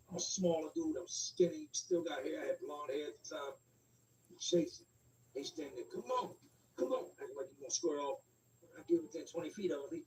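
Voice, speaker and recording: A middle-aged man tells a personal street story in loose, slangy talk, slipping into the other people's voices as he goes. His voice sits a little high for a man, with a soft, mellow tone. The mic sits some way off in a roomy space, with faint ambience underneath. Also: distant mic, slight background noise.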